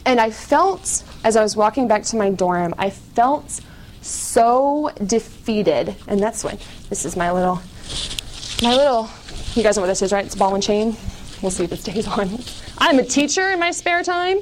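A woman's voice: fairly high pitch, lively intonation, moderate pace, slight background noise. A woman giving a casual personal testimony to an audience, candid and chatty, full of "like" and small laughs at herself.

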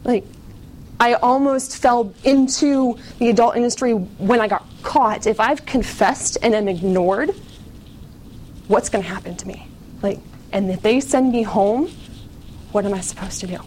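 A woman's voice: a little high, unhurried, a little mellow, a little hiss or hum. A woman giving a casual personal testimony to an audience, candid and chatty, full of "like" and small laughs at herself.

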